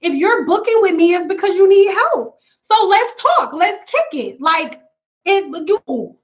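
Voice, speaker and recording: Blunt high-voiced woman streaming live. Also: very animated, unhurried, dull audio. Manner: blunt, frank, slangy. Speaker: natural hair stylist and consultant. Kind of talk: casual live stream chat with viewers.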